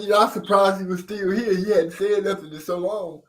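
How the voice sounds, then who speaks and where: A channel host runs a casual live boxing chat from a home mic, talking loosely, joking at his own expense, and breaking off now and then to read viewer comments aloud. His voice sits high, with fairly even intonation and a brisk pace.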